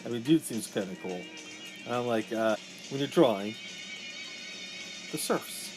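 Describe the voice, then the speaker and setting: A man's voice: mid-range voice, expressive, a little slow, over music. A man from Massachusetts, a comic artist telling rambling stories while he inks a drawing. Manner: rambling storyteller. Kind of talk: casual chat while inking.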